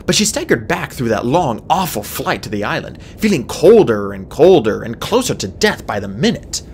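A woman narrating a fantasy audiobook in an expressive storybook style. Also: moderate pace, slight background noise. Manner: expressive, swings pitch widely.

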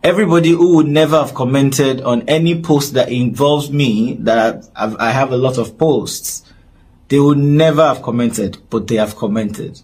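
A man's voice: mid-range voice, a little mellow, breathy edge. A man from Nigeria speaking straight to camera in an earnest, pleading apology, repeating himself often. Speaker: public figure addressing his audience. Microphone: camera-facing recording.

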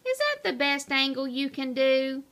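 A woman's voice: high voice, big pitch swings, a little slow, fairly bright tone, full character voice. A woman voicing a snide, bored male house cat who taunts and mocks in a storybook reading. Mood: sneering. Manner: mocking, taunting.

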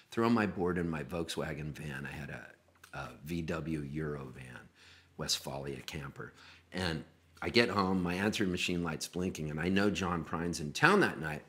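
A middle-aged man, a musician guest, telling a long story in casual talk and acting out the dialogue as he goes. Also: a bass voice. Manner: animated, acts out dialogue in his retelling.

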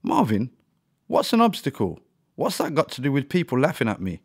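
A man's voice: mid-range voice, huge pitch swings, brisk, slightly rough, voice pushed up, exaggerated voice. A man voicing an emotional young schoolgirl in a children's storybook, speaking in a raised, pleading voice. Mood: upset.

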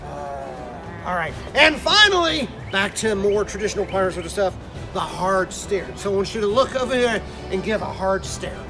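A jolly pirate captain leads his crew through the rules with a hearty, growling bark, as a man plays him. The voice sits fairly high and carries a gravelly edge, with music playing behind. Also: very animated, moderate pace. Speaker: pirate character in an art lesson.

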